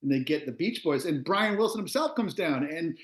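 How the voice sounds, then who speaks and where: A man's voice: fairly high pitch, normal speed. A man in his fifties from Long Island, a musician and author, telling stories as a guest in a casual interview and laughing often. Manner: animated storyteller, laughs often. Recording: roomy echo.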